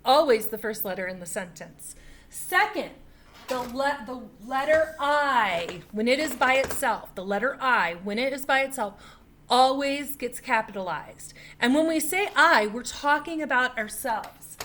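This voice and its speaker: Woman teacher for a kids' lesson: high, slow, patient, repeats herself. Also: lively intonation, fairly bright tone, a little hiss or hum. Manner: slow, patient, repeats key points for children. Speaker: first grade teacher. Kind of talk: remote writing lesson for young children.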